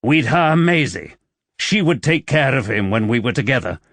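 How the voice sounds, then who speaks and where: Casting: a brooding young nobleman, read by a male narrator, coaxing and intense, with a lively pitch. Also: normal speed, no echo.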